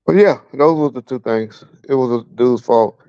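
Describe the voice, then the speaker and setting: A middle-aged man from Southern California, chatting as a livestream guest at home with a fan going, recounts his police years in blunt, profane terms while chuckling. His mid-range voice moves at normal speed, mellow, clear, and resonant, captured in a dry, lo-fi recording.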